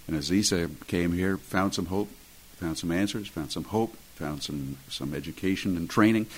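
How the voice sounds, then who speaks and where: Man, very low voice, radio host, halting questions, interview. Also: husky, poor audio. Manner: halting, restarts and stumbles.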